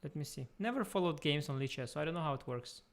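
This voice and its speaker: A man's voice: on the high side, animated, quick pace, gravelly. A man chatting playfully with his viewers while setting up a chess stream at his computer, talking to them directly as he clicks around. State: tired, speaking softly at first. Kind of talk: casual live-stream chat. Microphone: desktop USB mic.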